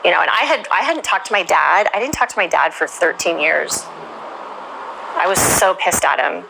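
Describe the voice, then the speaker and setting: Woman interviewee, low and gravelly, candid testimony, plain talk with "you know"s, noisy recording. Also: animated, normal speed. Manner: frank, conversational, with many "you know"s.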